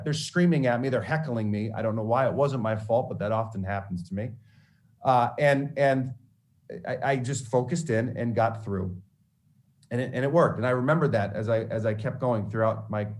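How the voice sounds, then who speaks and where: A man who works as a sportscaster, telling candid stories to students about mentors and failure, with frequent restarts as he goes. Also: medium pitch. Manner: candid, animated storyteller with many restarts. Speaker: sportscaster giving a mentoring talk. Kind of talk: storytelling speech to students.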